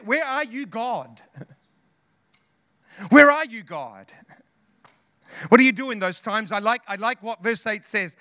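A man's voice: sits high, pushed and bright, dry recording, clean studio sound. A male pastor preaching a sermon with passion, repeating phrases and calling out to the congregation. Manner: impassioned preaching with repetitions and call-outs.

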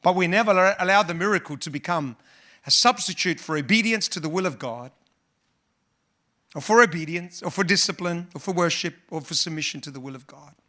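A man's voice: high-pitched, brisk, pushed and bright. A male pastor preaching a sermon, emphatic and repetitive, building up his points. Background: instrumental music.

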